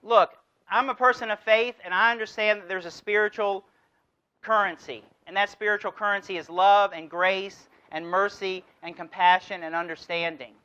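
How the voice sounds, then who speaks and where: A man's voice: high voice, fairly even intonation, moderate pace, pushed and bright, smooth, lo-fi sound. A man giving a motivational keynote address, telling a story and driving his points home with rhetorical questions. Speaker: keynote speaker.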